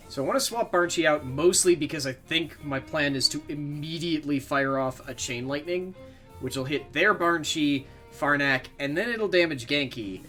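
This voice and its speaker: A man's voice: on the high side, pushed and bright. A man streaming a video game, chatting casually as he plays, rambling and swearing freely with self-mocking asides. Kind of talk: casual gameplay commentary.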